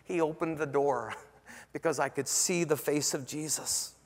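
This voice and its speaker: A man's voice: on the high side, a little slow, big-room sound. A middle-aged man preaching a sermon as pastor, telling a personal story with many restarts and asides. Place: church sanctuary.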